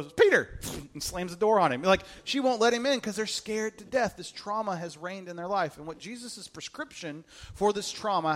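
High-voiced joking male pastor. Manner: humorous, animated, acts out quoted voices. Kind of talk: sermon.

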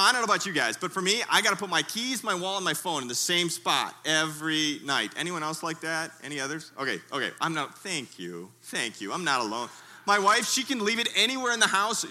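A man preaching a sermon in a tent, telling a humorous story in a lively way and calling out to his listeners. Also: high voice. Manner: lively, humorous storytelling with audience call-outs. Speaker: pastor.

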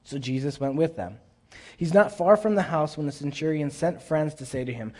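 A man's voice: a little high, expressive, moderate pace, warm tone. A man preaching a sermon in an earnest, conversational way, often repeating himself as he reads scripture aloud.

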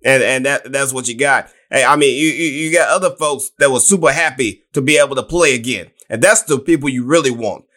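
A man's voice: medium pitch, fairly quick, few pauses. A man on a sports talk panel, repeating himself and breaking in with "hey". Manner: animated, repetitive, interjects "hey".

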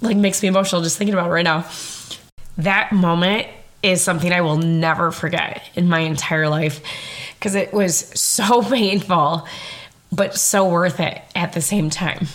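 A woman's voice: fairly low pitch, fairly even intonation, normal speed. A young woman hosting a podcast and telling a personal story in a chatty, emphatic way, laughing often and swearing casually. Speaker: podcast host.

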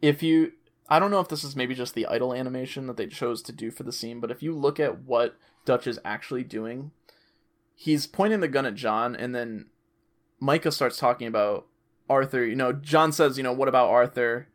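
A man's voice: mid-range voice, normal speed. Man floating a tentative idea in chat. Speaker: co-host discussing a video game. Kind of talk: casual chat.

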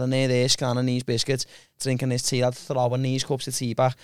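A man's voice: medium pitch, flat delivery, quick pace, hardly any pauses, clear, resonant tone, no room sound, clean studio sound. A young man with a Liverpool accent, a podcast guest telling a rambling comic story full of slang and fillers. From Liverpool, England. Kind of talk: casual chat, comic storytelling.

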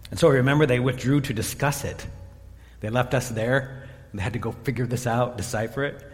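A man preaching in a reverberant hall, his mid-range voice ringing out with a long tail of echo. He retells a Bible story with lively acted character voices, rising higher and louder at the exciting moments. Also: fairly quick, soft background music. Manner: animated storytelling, voicing biblical characters. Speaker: pastor. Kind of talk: sermon.

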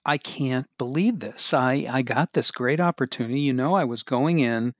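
A male actor in casual chat who tells stories in a halting, wry way. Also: mid-range voice, dry recording, clean studio sound.

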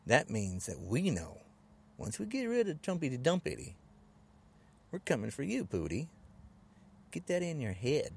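A man's voice: fairly high pitch, big pitch swings, moderate pace, creaky, long pauses, a little hiss or hum. A man delivering an angry political rant to camera, taunting and repeating insults over and over. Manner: taunting, repetitive name-calling.

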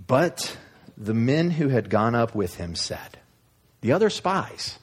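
A man preaching a sermon, retelling a story in an animated, humorous, conversational way. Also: mid-range voice, a little slow, slightly rough. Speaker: pastor.

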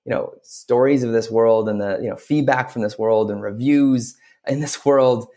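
A man's voice: mid-range voice, normal speed, warm tone. A man talking as a podcast guest, rambling with lots of fillers. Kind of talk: casual interview talk.

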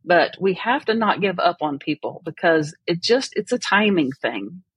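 Husky-voiced woman, earnest and reflective. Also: on the low side, lively intonation, normal speed, fairly bright tone, no echo. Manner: earnest and reflective, laughs often. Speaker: podcast guest. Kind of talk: personal story in an interview.

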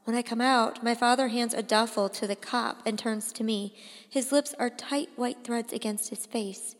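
A woman narrating a first-person audiobook in an expressive, deliberate way. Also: a little high, big-room sound. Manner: expressive, slow and deliberate, rising to cries in dialogue.

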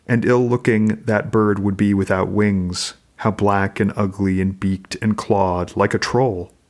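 A calm, sharp-tongued young Norse wife speaks with quiet, pointed composure, as a man reads her lines aloud from a book. The voice stays low and close to plain reading. There is almost no put-on character in it. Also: a little slow. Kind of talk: reading a novel passage aloud.

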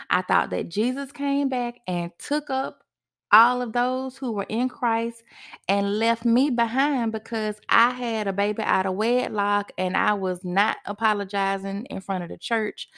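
A woman, a podcast host telling a personal story with lively, animated delivery and acted-out quotes. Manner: animated, acts out her own past words with a higher voice.

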